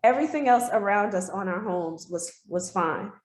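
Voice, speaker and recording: A woman's voice: mid-range voice, expressive, normal speed, a little mellow. A woman giving a heartfelt personal testimony as an interview guest, telling her story earnestly. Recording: roomy echo.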